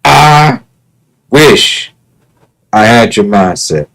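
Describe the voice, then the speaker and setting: Male streamer, casual and sincere, middle pitch, lots of restarts and repetition. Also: animated, extremely slow, creaky, fairly bright tone, poor audio. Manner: earnest, repetitive, stammering restarts. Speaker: live streamer. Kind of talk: casual livestream talk.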